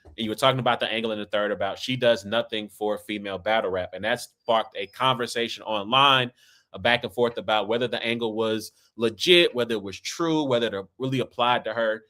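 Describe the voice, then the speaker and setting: A man's voice: lowish voice, fairly quick, sharp tone. A man from Kansas City with an American accent, hosting a casual talk in a loose, rambling way and tagging his points with "right?" and "man.". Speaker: podcast host. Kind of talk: casual conversation.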